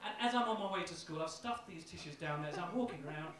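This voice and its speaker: A young man doing a hesitant, self-deprecating stand-up set in a small club. His voice sits a little high and comes from a distance in a very echoey room. A live audience is clearly heard. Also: quick pace, a crowd in the background. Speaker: stand-up comedian. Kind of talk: stand-up routine.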